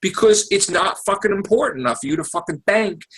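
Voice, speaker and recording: A man from the United States rants with plenty of swearing and exasperation, his voice swinging widely up and down. His tone is somewhat husky and sits a bit high for a man. It is a casual podcast chat. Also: brisk. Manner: profane, animated, exasperated. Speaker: podcast host. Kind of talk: heated casual political rant.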